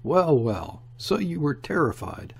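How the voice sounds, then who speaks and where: A man's voice: fairly high pitch, big pitch swings, unhurried, gravelly, darkish tone, husky, pitched above the performer's own voice, exaggerated voice. A man reading as a solemn credulous sea captain. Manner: solemn and earnest.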